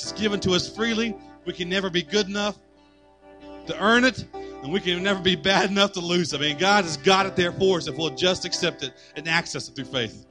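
A man preaching a sermon as pastor, building fervor and acting out quotes. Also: high voice.

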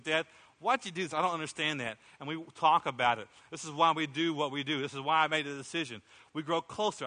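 A man's voice: fairly high pitch, bright, forceful tone. A middle-aged man preaching a sermon as pastor, impassioned, acting out prayers in a raised voice. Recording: long hall reverb.

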